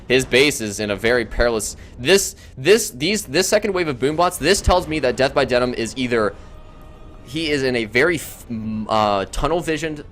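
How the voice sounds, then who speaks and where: A man casting a strategy video game match, who gets loud and excited at big moments. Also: medium pitch. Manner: excitable, shouts and laughs at big plays. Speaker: game caster. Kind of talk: esports commentary.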